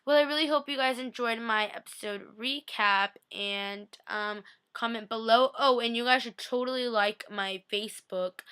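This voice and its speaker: A woman's voice: mid-range voice, sharp tone, clean tone. A young woman recapping a TV episode for her vlog in a gushing, chatty way, full of "like" and "I was like".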